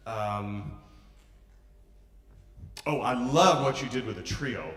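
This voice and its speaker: A man's voice: mid-range voice, takes it slowly, fairly bright tone. A man coaching a pianist in a master class, encouraging and humming or counting the phrases aloud as they play. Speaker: piano master class teacher. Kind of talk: coaching a pianist through a piece. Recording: echoey hall from far off, piano playing.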